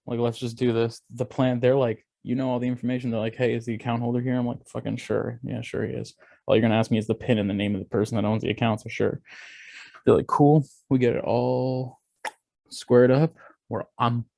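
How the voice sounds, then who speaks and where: Animated, swearing young man telling a story. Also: medium pitch, vocal fry, no echo. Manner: animated, profane, acts out quoted voices. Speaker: podcast co-host. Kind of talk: casual storytelling chat.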